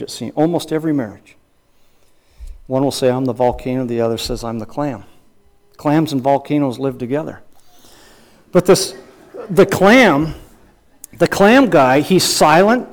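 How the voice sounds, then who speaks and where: Emphatic male preacher, fairly high voice. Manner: emphatic preaching with repeated phrases and rhetorical questions. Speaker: pastor and counselor. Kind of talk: sermon.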